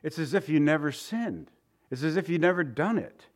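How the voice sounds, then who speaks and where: A man's voice: on the high side, normal speed. A man preaching a sermon, telling stories with chuckles and acting out the voices of the people in them. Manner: animated storytelling with chuckles and acted-out voices.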